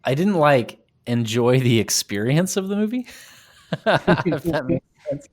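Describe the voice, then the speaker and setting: A man's voice: on the high side, very animated, measured pace. A man talking casually about a film as a podcast guest, rambling and laughing as he goes. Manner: rambling, laughs often, restarts.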